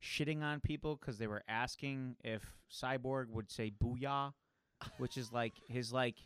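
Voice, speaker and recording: Male co-host, excitable rambler, mid pitch, smooth tone, dry close mic. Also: measured pace, no room sound. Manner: enthusiastic, rambling with many fillers. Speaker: podcast co-host. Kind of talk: casual comic book chat.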